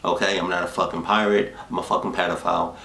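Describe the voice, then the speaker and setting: A man's voice: deep voice, flat delivery, quick pace, vocal fry, pushed and bright, a little hiss or hum, heavily acted. A man putting on a crude, growly fake-pirate voice to play a creepy grown man luring kids. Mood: crude pushy. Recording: echoey room.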